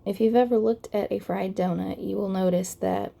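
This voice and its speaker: A young adult woman narrating a craft card-making tutorial voice-over, calm and methodical, her voice crackly from the early morning. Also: medium pitch, moderate pace, creaky.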